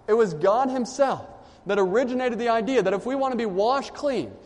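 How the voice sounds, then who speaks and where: A man preaching a sermon to a congregation, reading scripture aloud and pausing for the listeners to fill in the missing words. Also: extremely high pitch, a little mellow, big-room sound. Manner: asks the congregation questions and lets them fill in words.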